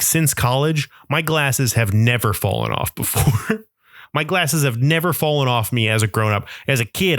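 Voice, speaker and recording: A man's voice: a little high, a bit bright, dry recording, studio quality. A young adult man hosting a podcast, telling rambling, self-mocking comic stories in a monologue. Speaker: podcast host.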